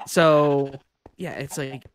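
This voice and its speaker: A man's voice: on the high side, level tone, slow, a little hiss or hum. A man streaming live, chatting casually and rambling with frequent restarts, sounding exasperated. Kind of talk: casual livestream chat.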